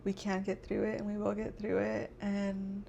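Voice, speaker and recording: A woman's voice: mid-range voice, completely flat delivery, moderate pace, vocal fry, dark tone, highs cut off, slight background noise. A young woman hosting a casual podcast, rambling with many fillers and fighting back tears. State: tearful. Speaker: podcast host. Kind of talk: casual chat.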